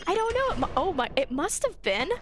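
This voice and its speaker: A woman streaming a video game live, commenting excitedly and shrieking when startled. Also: very high-pitched, fairly quick, music in the background.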